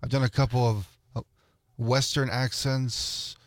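Male studio producer, mid-pitched voice, dry close mic, easygoing and hesitant. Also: fairly even intonation, measured pace, no echo. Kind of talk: casual talk radio chat. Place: radio studio. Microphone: studio microphone.

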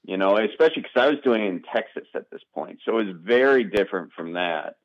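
A man talks loosely as a comedian guest, circling back and restarting his thoughts. His voice sits on the low side. The audio is dull and lo-fi. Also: expressive, fast. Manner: rambling, restarts often, self-deprecating. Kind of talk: casual interview chat.

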